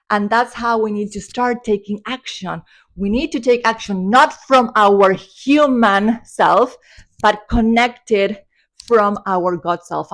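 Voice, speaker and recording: Breathless, excited woman vlogger. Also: mid-range voice. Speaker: spiritual vlogger. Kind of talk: motivational vlog talk.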